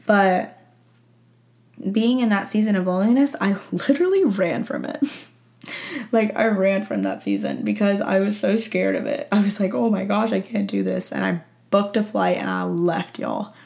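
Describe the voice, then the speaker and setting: A young woman podcast host telling a personal story in casual chat, talking warmly, laughing often and filling her talk with "like.". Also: mid-range voice, expressive, normal speed, vocal fry. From Texas. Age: young adult. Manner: chatty, emotional, laughs often, many "like" fillers. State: teary-eyed. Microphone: audio-only recording.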